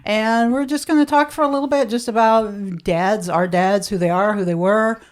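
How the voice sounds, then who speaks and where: A woman's voice: a little high, steady tone, normal speed. A woman co-hosting a podcast, easygoing, steering a casual chat. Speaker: podcast co-host.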